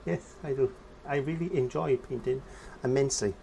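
A man's voice: mid-range voice, normal speed, creaky, dark tone, a little hiss or hum. Chatty man teaching painting, humming along. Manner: chatty, hums and sings nonsense syllables while painting. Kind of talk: casual painting lesson.

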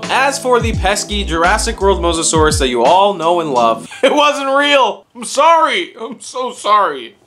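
A young man hosting an educational video with animated, jokey delivery and playful asides. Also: fairly high pitch. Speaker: host. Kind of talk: upbeat educational YouTube talk. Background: music.

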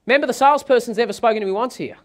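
A man giving a sales seminar, telling anecdotes in a dramatic, animated way. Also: extremely high pitch, racing. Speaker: sales trainer.

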